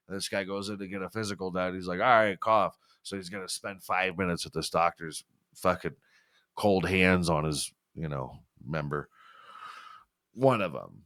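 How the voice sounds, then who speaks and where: A man's voice: on the low side, a bit bright. A young man hosting a podcast, riffing through a crude comedic monologue and laughing at his own jokes. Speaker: podcast host.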